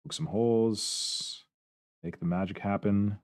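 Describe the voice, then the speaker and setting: A man's voice: on the low side, steady tone, slow pace, a little mellow, dry recording, clean studio sound. A man streaming his hobby sculpting, talking to himself in short, casual remarks as he works. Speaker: miniature terrain sculptor streaming his work. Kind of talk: casual running commentary while working.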